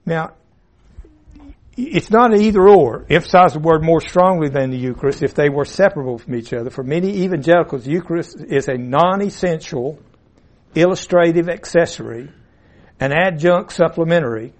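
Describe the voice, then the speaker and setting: A man's voice: a little high, animated, normal speed. Rambling folksy man teaching a class. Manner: rambling, folksy, asides and self-interruptions. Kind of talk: informal classroom lecture. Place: classroom with a board. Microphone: room mic, at times turned away.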